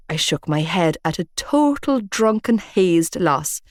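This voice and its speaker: A woman narrating a romance audiobook in first person, measured and expressive. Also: on the low side, no room sound, clean studio sound.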